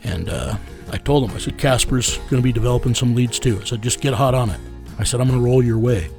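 A man's voice: medium pitch, fast talker, gravelly, darkish tone, soft background music. Blunt, profane man telling a story. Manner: blunt and profane, many fillers. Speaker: child recovery investigator. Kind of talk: storytelling in an interview.

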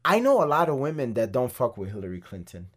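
A man's voice: mid-range voice, big pitch swings, fast talker. A man co-hosting a podcast in casual chat, blunt and profane, with lots of "like". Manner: blunt, profane, says "like" and "you know what I'm saying" often. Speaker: podcast co-host.

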